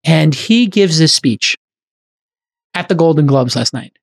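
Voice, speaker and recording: A middle-aged man hosting a podcast in casual chat, talking quickly and enthusiastically with many "like" fillers. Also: a little high, lively intonation, gravelly. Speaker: podcast host.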